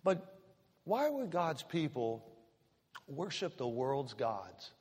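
A man's voice: mid-range voice, big pitch swings, takes it slowly, a little mellow, husky. A man preaching a sermon as pastor, emphatic and repetitive, asking the congregation direct questions. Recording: reverberant church hall.

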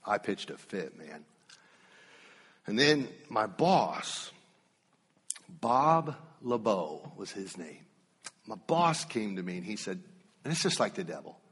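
A man delivers a sermon in an unhurried, storytelling way, leaning on pauses and repeated phrases for emphasis. His voice sits a little low and has a husky edge. The sound carries a long reverb, as if the sermon is heard in a large hall. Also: expressive, a bit bright. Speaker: preacher.

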